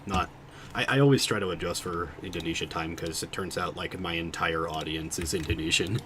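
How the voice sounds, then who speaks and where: A man streaming a video game, chatting casually with his viewers and thinking out loud, often cutting himself off mid-sentence. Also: sits low, fairly even intonation, brisk, slight background noise. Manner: rambling, self-interrupting, thinking out loud. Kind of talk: casual livestream chat while gaming.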